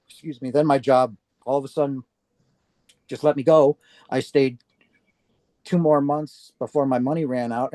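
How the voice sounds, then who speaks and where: A man's voice: medium pitch, warm tone, no room sound. An older man from Wisconsin, telling his personal story as an interview guest in an earnest, heartfelt way. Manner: earnest, heartfelt, acts out quoted speech.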